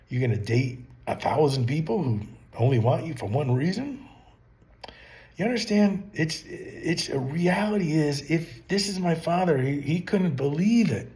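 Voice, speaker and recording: A man's voice: medium pitch, mellow. A middle-aged man talking casually to camera, rambling and full of rhetorical questions. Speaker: channel host giving business advice. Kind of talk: casual advice monologue.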